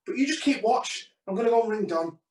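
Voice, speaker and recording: A man's voice: high voice, animated, fast talker. A man with a British accent playing a tense, irritable neighbour who is worried about the strange noises outside. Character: irritable male neighbour named Paul.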